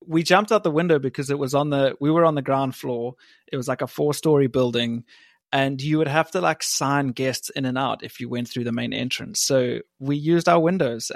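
A man's voice: medium pitch, creaky, no echo, studio quality. A young man from South Africa, a podcast guest telling stories in a laid-back, chatty way with frequent laughs. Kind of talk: casual chat.

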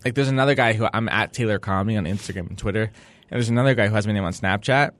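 A man's voice: fairly low pitch, racing, background noise. A young man, a comedian guest on a podcast, joking in a wry, self-deprecating way. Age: young adult. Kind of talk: casual comedy podcast chat.

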